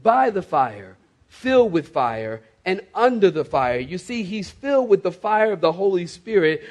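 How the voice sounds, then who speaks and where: A man's voice: high voice, a little mellow. A man preaching a sermon as pastor, emphatic and calling for responses from the congregation, with swift asides.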